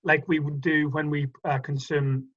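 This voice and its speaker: An Irish man tells stories in a loose, chatty way, stopping and restarting his sentences as he goes. His voice is bright and a little high. The audio is muffled and lo-fi, like a remote call. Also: flat delivery, moderate pace. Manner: chatty, hesitant storyteller with many restarts. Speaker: guest. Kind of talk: casual conversational interview.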